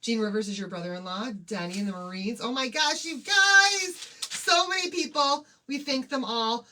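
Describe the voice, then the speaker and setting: A fairly high-voiced woman hosts a casual craft livestream. She is bubbly and chatty, greeting her viewers one by one as she gets her supplies ready. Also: expressive, normal speed, sharp tone, a little hiss or hum.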